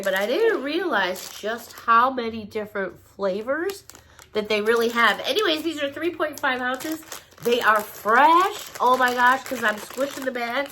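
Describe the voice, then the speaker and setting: A woman's voice: on the high side, pushed and bright, slight background noise. A sick woman from Chicago chatting enthusiastically through a shopping haul vlog, gushing over each item. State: sick, coughing. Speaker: haul vlogger.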